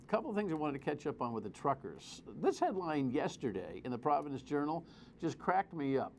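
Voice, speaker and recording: A man's voice: a little high, slight background noise. A man hosting a talk radio show, delivering a sarcastic, opinionated monologue. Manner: sarcastic, animated, mocks with repeated phrases.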